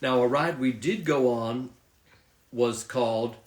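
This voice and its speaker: Calm, slow-speaking male co-host. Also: mid-range voice, reverberant. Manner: calm, steady, says each word clearly on request. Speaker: co-host introducing vocabulary. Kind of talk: casual lesson, reading word list.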